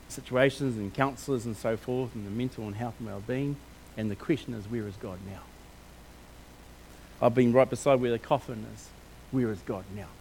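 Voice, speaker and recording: A man preaching a sermon with passion, moving between quiet reflection and loud, emphatic declarations, with casual asides. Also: medium pitch, slight background noise. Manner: informal, scattered with casual asides.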